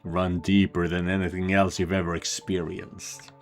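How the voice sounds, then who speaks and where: A man reading a cruel, mocking lord from a game, slow and gloating. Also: deep voice, flat delivery, soft background music. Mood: gloating cruelty. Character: cruel sneering male lord, mocking and sadistic.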